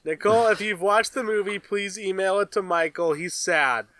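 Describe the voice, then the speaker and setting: Co-host, male, higher pitch, bright, dead-dry recording, deadpan jokes. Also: moderate pace, dry recording. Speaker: podcast co-host. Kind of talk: casual chat.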